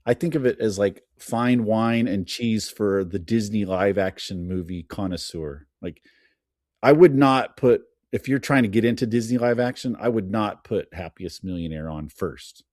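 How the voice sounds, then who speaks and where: A man's voice: on the low side, moderate pace, a little mellow, no echo, studio quality. A man chatting as a podcast guest, telling film trivia with enthusiasm. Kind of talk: casual chat.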